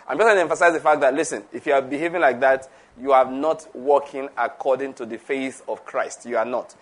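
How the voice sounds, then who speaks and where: A man preaching a conversational sermon, laughing often, repeating himself and asking the audience questions. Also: medium pitch.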